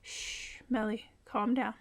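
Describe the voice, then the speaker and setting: A woman reading the lines of a protective young man who speaks softly and reassuringly, with brief flares of anger. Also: a little high, moderate pace, no echo, studio quality, lightly acted. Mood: gentle.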